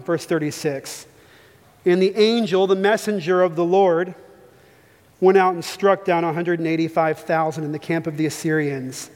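A man's voice: a little high, steady tone, moderate pace. A man preaching a sermon, emphatic and reading scripture passages aloud to his congregation. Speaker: pastor. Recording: reverberant hall.

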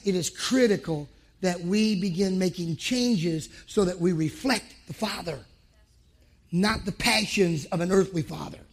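A man's voice: high-pitched, slightly rough. A man preaching a sermon to men, telling a personal story in an emphatic way and acting out past conversations. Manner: emphatic, acts out his own past dialogue.

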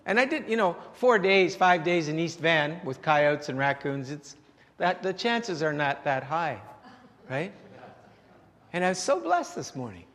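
A male pastor with a notably high voice preaches in a chatty, conversational style, stumbling over and repeating words as he goes. He keeps asking his congregation rhetorical questions. His voice carries a long reverb from the church hall. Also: sing-song, measured pace, a bit bright. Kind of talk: sermon.

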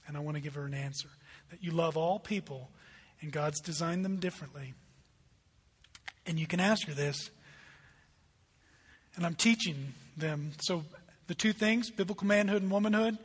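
A middle-aged man preaching a sermon as pastor, swinging between loud emphatic lines and hushed asides. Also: fairly high pitch, moderate pace, long pauses, slightly rough. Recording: long hall reverb.

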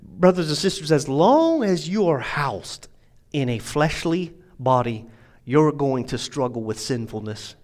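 A male pastor preaching a sermon, moving from emphatic, rising passages to quieter, reflective stretches. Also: fairly high pitch, sing-song, unhurried, poor audio. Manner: preaching with swelling, emphatic delivery that drops to quiet asides.

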